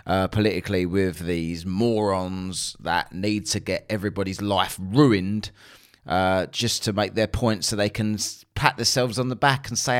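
Low-voiced male podcast host, blunt and sarcastic, sweary. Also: fairly even intonation, unhurried. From England. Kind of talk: casual podcast monologue.

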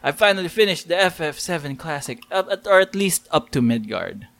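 A man with a slightly high, gravelly voice, chatting loosely on a podcast. He rambles, laughs a lot and gets animated when telling stories. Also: brisk. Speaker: podcast co-host. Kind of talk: casual chat.

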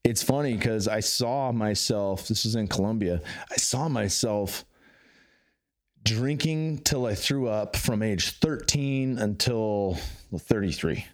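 A man in his thirties talking candidly as a podcast guest, swearing freely and getting animated. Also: on the low side, takes it slowly. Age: 30s. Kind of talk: casual interview conversation.

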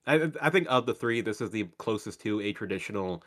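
Sardonic low-voiced male podcaster. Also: lively intonation, fairly bright tone. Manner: sardonic, swears casually, halting restarts. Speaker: podcast co-host. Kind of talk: casual chat.

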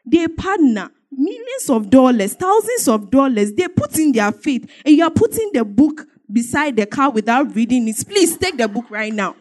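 A woman's voice: sits high, big pitch swings, moderate pace, few pauses, a little mellow. Emphatic woman giving testimony. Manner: emphatic, repetitive storytelling with bursts of laughter. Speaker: church member giving a testimony. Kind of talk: emotional church testimony.

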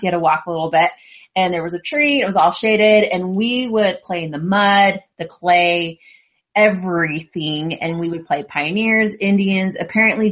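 A woman's voice: lowish voice, fairly bright tone. A woman chatting casually in a group, rambling a little with fillers as she recalls childhood.

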